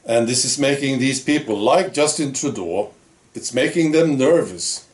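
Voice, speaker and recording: A man's voice: mid-range voice, measured pace. A man hosting his own opinion vlog, talking in a blunt, sarcastic, plain-spoken way. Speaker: channel host.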